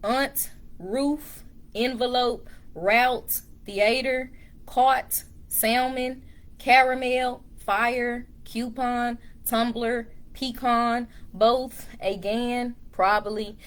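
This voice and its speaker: The Dallas vlogger talks slowly here, her fairly high voice holding a steady tone, and her Texas accent comes through as she casually chats to y'all. The tripod-mounted phone camera captures her in a dim room at home.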